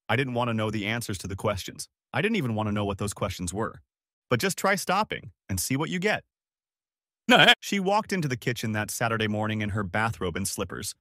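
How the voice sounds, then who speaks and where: A man narrating a first-person dramatic audiobook story in a measured, expressive way. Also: fairly low pitch, no echo, clean studio sound.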